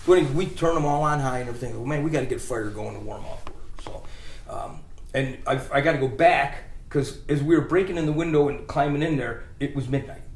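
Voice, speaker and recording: Animated man telling a story, echoey room. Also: medium pitch, fast talker. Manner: animated, rambling, restarts and laughs while telling. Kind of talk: casual storytelling chat.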